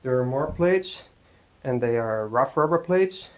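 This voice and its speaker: A man giving a casual workout talk in his home gym, halting with many fillers and out of breath between sets. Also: medium pitch, animated, low-quality recording. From Netherlands. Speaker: fitness vlogger.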